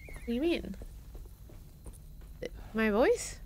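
A woman's voice: a little high, big pitch swings, slow, slight background noise. A woman streamer chatting casually and reacting aloud as she plays a game live. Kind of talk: live gameplay commentary.

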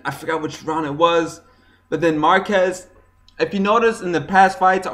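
A young man giving a casual, excitable recap of a boxing fight, swearing often and acting out punches with sound effects. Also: a little high. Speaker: boxing vlogger.

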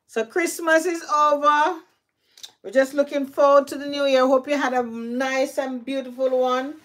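A woman's voice: high voice, level tone, normal speed, a bit bright. A middle-aged woman with a Jamaican accent, chatting casually to viewers while tending her plants, repeating herself as she talks. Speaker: gardening vlogger. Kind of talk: casual chat while gardening.

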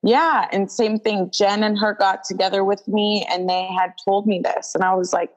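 A young woman talks through a backstage story as an interview guest. She is lively and casual and slips into the voices of the people she quotes. Her "like" fillers run all through it, and her pitch sits mid-range for a woman. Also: normal speed, low-quality recording. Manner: animated, acts out quoted dialogue, many "like" fillers. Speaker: guest, wrestler.

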